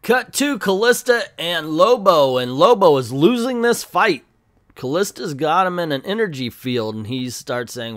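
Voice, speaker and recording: A man's voice: on the high side, sing-song, a little slow, fairly bright tone, no echo, studio quality. A man hosting a comic book video, recapping an issue in a casual, sarcastic, chatty way.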